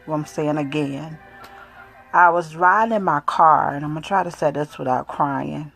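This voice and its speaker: A middle-aged woman giving a personal faith testimony, speaking softly and haltingly with many pauses and fillers. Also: deep voice, vocal fry, faint music behind, low-quality recording. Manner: soft, quiet, emotional delivery. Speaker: grieving mother sharing her faith.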